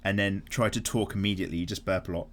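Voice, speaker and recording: A man hosting a casual art vlog, chatting and answering viewer comments in an animated way, swearing freely as he goes. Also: sits low, quick pace, a little hiss or hum. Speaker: art channel host.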